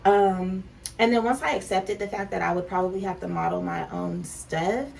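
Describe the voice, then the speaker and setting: Animated and a touch mellow, this thirty-something Californian talks at a moderate pace in a mid-range voice with vocal fry. While applying makeup, the vlogger and clothing brand owner chats openly, addressing viewers as "child," "baby" and "honey." Faint noise and a slightly distant mic color the recording.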